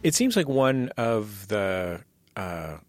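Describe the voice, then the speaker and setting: A male host interviewing a guest, asking long, measured questions with some hesitant ums. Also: lowish voice, very animated, over music.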